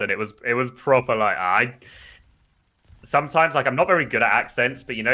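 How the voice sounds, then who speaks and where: A man from the United Kingdom with a British accent, casually commentating a live esports match, rambling between plays and bursting with excitement at big moments. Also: on the low side.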